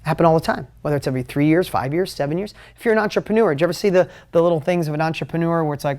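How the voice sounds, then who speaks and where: A man teaching a live motivational talk at a whiteboard, energetic, emotional and conversational. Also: on the high side, quick pace, few pauses. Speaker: motivational business coach.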